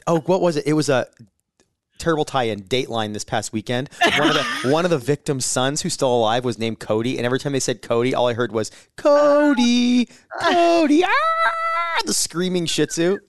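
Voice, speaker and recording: Man, podcast co-host, playful banter, animated pitch, dry close mic. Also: fairly quick, dry recording. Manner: joking, laughs easily. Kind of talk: casual chat.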